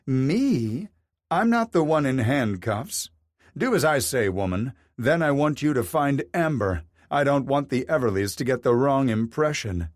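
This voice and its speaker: Man doing a betrayed rich wife, high voice, accusing, shrill, storybook. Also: lively intonation, a little slow, no echo, studio quality, natural voice. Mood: scornful. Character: furious betrayed wealthy wife, middle-aged woman.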